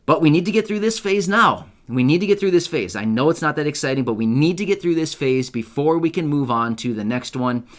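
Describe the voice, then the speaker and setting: A man's voice: on the high side, lively intonation, brisk, hardly any pauses. Chatty upbeat male video host. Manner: chatty, upbeat, asks viewers for agreement with repeated "right?"; loose, self-correcting delivery with fillers and restarts. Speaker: YouTube news host. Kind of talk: casual direct-to-camera commentary.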